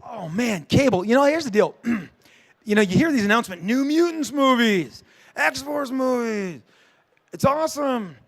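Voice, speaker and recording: A middle-aged man, a comic book creator, answering audience questions at a convention panel with animated, joking storytelling. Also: extremely high pitch, unhurried, creaky. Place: dark convention panel room.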